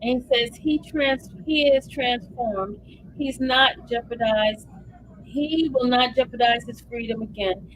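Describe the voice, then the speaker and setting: Excitable woman livestream host, high voice. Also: unhurried, a little hiss or hum, rough recording. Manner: animated, emotional, addresses viewers as y'all. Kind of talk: live commentary reading updates aloud.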